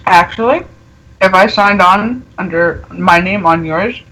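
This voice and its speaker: A woman's voice: mid-range voice, a little slow, sharp tone, poor audio. Matter-of-fact woman in casual chat. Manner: matter-of-fact, explains plainly. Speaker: guest co-host.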